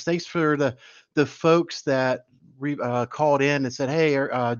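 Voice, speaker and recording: Fast-talking man filling in on a stream. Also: mid-range voice, no room sound, dull audio. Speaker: guest co-host. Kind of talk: casual livestream chat.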